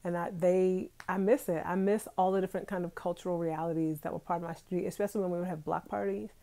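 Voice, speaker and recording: Woman, thirties, chatty live-stream host with a low, dark, gravelly voice, talking straight to her viewers. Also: steady tone, fast. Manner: chatty, talks straight to viewers, laughs often. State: itchy nose from allergies. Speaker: vlogger hosting a live stream. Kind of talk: casual live stream chat. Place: bedroom at home.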